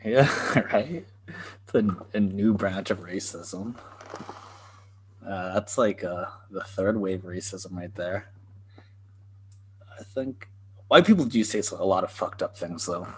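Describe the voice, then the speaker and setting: A man's voice: low voice, slow, long pauses, a little mellow, husky. A man co-hosting a podcast in casual chat, laid-back, swearing freely and laughing at his own jokes. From Canada. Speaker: podcast co-host.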